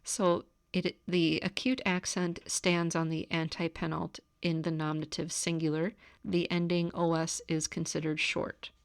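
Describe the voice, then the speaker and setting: A woman giving a recorded grammar lecture, calmly explaining step by step. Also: lowish voice, clear, resonant tone, dry recording, studio quality. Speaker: teacher. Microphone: camera.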